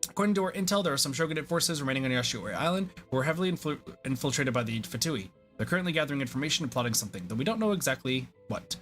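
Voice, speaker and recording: A man's voice: mid-range voice, lively intonation, rapid-fire, hardly any pauses, fairly bright tone, soft background music, natural voice. A man reading aloud the lines of an earnest young male resistance general in a game, with formal, courteous phrasing.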